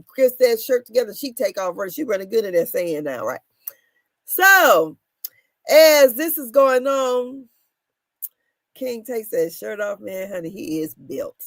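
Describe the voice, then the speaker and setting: A woman in her thirties casually recapping reality TV drama, animated and laughing, her voice swinging between loud and soft. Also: on the high side, no echo. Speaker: commentary show host.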